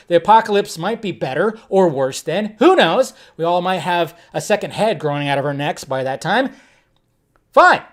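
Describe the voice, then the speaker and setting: Animated chatty man hosting a livestream. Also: sits high. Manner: rambling, animated, jokey. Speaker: livestream host. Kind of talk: casual commentary livestream.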